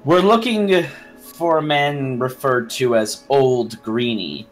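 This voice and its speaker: A man's voice: medium pitch, expressive, slow, soft background music, rough recording. Dry, curt man playing a tabletop game. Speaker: player. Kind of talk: in-character tabletop play.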